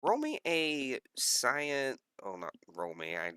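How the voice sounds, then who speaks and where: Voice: medium pitch, huge pitch swings, slow pace, pushed and bright, smooth, no room sound. A game master narrating a tabletop role-play scene, rambling with lots of fillers and self-corrections.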